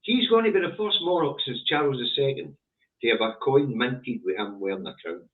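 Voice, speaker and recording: Animated Scottish man on phone-quality line. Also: brisk. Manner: animated, indignant, pitch jumping up on emphasis. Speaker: co-host. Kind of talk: casual political chat. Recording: distant, phone-like audio.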